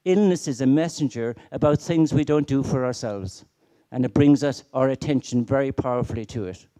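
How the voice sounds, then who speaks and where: A man's voice: medium pitch, a little fast, dark tone. A middle-aged man giving a conference keynote, emphatic and full of rhetorical questions and stories. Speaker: keynote speaker.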